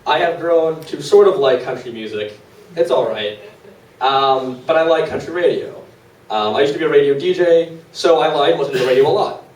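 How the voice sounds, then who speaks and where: A man's voice: a little high, moderate pace, darkish tone, slight background noise. A young man of twenty telling comic stories at an open mic in a small venue, in a loose, rambling way with lots of fillers. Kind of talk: live comic storytelling. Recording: roomy live room, distant mic.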